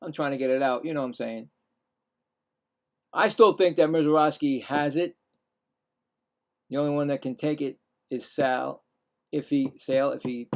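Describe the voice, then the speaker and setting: Gravelly man calling baseball casually. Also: medium pitch, darkish tone. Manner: rambling, self-correcting, chatty asides. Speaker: play-by-play streamer. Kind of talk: casual live baseball commentary.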